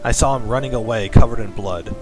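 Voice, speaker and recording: A man voicing a frantic teenage schoolgirl who accuses a classmate, read out with dramatic shouting over background music. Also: mid-range voice, fairly quick, close to an everyday voice. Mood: accusing.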